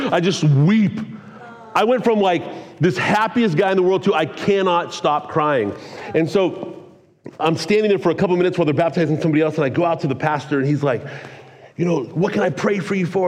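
A man in his forties preaching a sermon, telling a personal story with energetic, earnest, excitable delivery. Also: high-pitched, brisk. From California. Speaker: pastor. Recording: long hall reverb.

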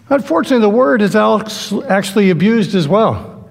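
A man's voice: sits high, big pitch swings, a little fast, vocal fry. A man preaching a sermon in a conversational way, acting out the voices he quotes. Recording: long hall reverb.

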